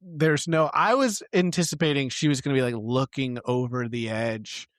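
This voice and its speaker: A man co-hosting a podcast, recapping a TV episode in casual, animated chat with plenty of fillers. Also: mid-range voice, moderate pace, no echo. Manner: chatty, animated, lots of fillers. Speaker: podcast co-host.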